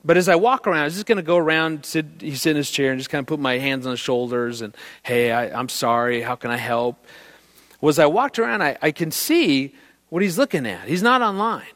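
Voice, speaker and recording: A middle-aged man speaks to an audience in a fairly high voice. He tells a personal story with energy and acts out each person in it with a shift of voice. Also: a little fast. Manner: animated, acts out the people in his story. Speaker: speaker giving a talk on marriage. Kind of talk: storytelling talk before an audience.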